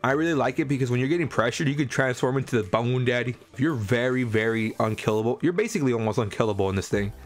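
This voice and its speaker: A man's voice: mid-range voice, fast talker, hardly any pauses. A man giving a casual, enthusiastic voice-over for a game build guide, chatty and chuckling often. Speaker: gaming content creator.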